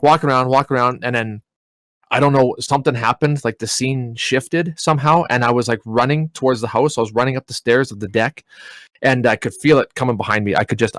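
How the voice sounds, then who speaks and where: A young man, a podcast co-host, telling a story in a casual, animated way, swearing and laughing as he goes. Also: medium pitch, no room sound.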